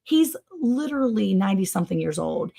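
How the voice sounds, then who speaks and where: A woman with a mid-range voice hosts a casual livestream and tells a story to her viewers. She is animated and sarcastic, her pitch leaping up and down, and she scatters "like" through her sentences. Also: a little fast, gravelly. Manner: chatty, with many "like" fillers. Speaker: livestream host.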